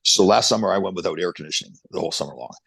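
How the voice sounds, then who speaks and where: A man in his sixties, a podcast guest and motivational speaker, telling stories in an energetic, motivational way. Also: sits low, rapid-fire, gravelly, husky, no echo. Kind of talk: casual chat, storytelling.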